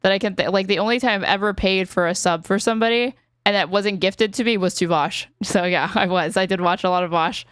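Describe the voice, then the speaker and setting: A woman's voice: mid-range voice, brisk, smooth, dry recording, studio quality. An American woman hosting a podcast, teasing her guest casually and saying "like" often. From United States. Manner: teasing, says "like" a lot. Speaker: podcast host. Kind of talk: casual chat.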